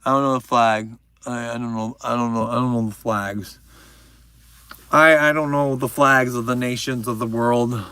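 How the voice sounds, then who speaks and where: A man's voice: medium pitch, fairly even intonation, moderate pace, sharp tone, clear, resonant tone, no room sound. A young man hosting a livestream, chatting casually and joking while reading out viewers' names. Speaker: livestream host.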